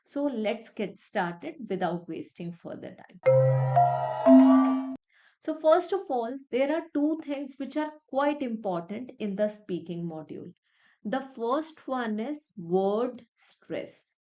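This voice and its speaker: Fairly high-voiced woman tutor. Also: expressive, slow pace, dark tone, soft background music. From India. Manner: explains step by step, repeats points with many "okay"s. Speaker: English test tutor. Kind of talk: online exam-prep lesson.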